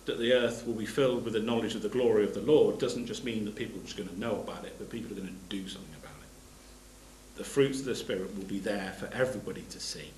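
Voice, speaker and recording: A man's voice: on the low side, fairly even intonation, fast, hardly any pauses, darkish tone, reverberant, a little hiss or hum, poor audio. A man giving a sermon. He reads scripture aloud and explains it plainly, stopping to restart his phrases. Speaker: preacher.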